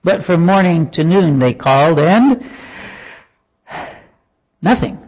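A man preaching a sermon, animated and wry, breaking into chuckles and mocking asides. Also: on the high side, takes it slowly, muffled recording.

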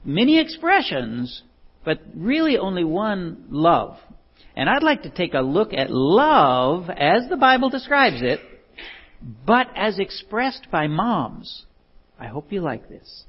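A man's voice: sits high, huge pitch swings, slow, slightly rough. A man giving a talk in a folksy, storytelling way, with chuckles and self-deprecating, rambling asides. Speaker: speaker giving a talk on love. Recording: dull lo-fi recording.

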